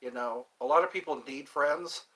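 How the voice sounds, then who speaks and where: With a sharp-toned, mid-range voice at a moderate pace, a middle-aged livestream host keeps up a rambling chat. He jokes freely, breaks into song and tries out mock accents.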